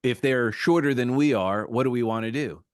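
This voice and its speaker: A man hosting an interview podcast over a video call, musing and telling stories in a relaxed conversational way. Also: mid-range voice, moderate pace, clear, resonant tone, dry recording, studio quality. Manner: reflective, storytelling with acted quotes. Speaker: podcast host.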